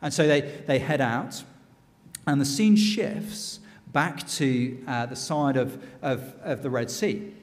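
A man giving a lively storytelling sermon in church. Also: medium pitch, slow pace, big-room sound. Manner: lively, animated retelling. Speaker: church speaker.

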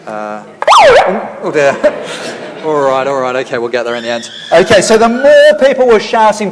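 Lively preacher in a big hall. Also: male voice, high-pitched, unhurried, a little hiss or hum. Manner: lively, leads call-and-response shouting. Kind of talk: interactive sermon. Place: church. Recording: reverberant church hall.

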